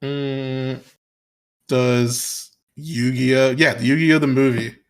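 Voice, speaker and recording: A young man co-hosting a casual chat, relaxed and easygoing. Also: medium pitch, drawn-out words. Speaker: podcast co-host.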